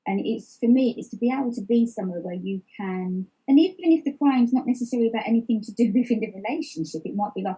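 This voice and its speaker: This middle-aged woman speaks briskly with few pauses, her medium-pitched voice steady, mellow and a little rough. As a guest in an open personal interview, she's candid and reflective, restarting sentences often and using lots of fillers. The audio quality is poor.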